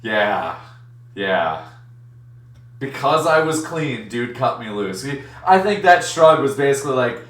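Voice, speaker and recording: A man's voice: medium pitch, unhurried, reverberant, recorded from a distance. A man hosting a live stream, telling a story casually and acting out the voices of the people in it. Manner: animated, acts out other voices in his story. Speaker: streamer and card-break host.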